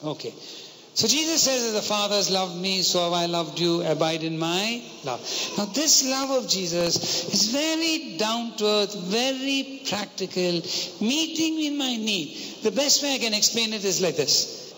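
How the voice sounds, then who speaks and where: High bright-voiced preacher in a hall. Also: male voice, expressive, unhurried. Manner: earnest storytelling, rhetorical questions to the congregation. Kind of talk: sermon. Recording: long hall reverb, faint noise.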